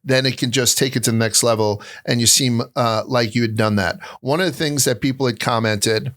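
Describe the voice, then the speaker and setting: A New man hosting a podcast, blunt and profane, with a voice of middling pitch. He keeps the talk loose and throws in loud impressions. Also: fairly even intonation, a little fast. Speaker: podcast host. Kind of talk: casual interview chat.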